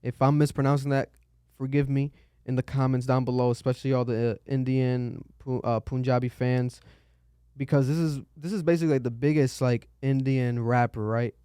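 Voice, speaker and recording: A young man talks loosely on a podcast, swearing freely and leaping up in pitch when something baffles him. His voice is smooth and resonant. It is recorded close and dry, with no room sound. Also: fairly quick, no echo. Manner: animated, swearing, voice jumps high when exasperated. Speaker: podcast host. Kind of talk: casual podcast chat.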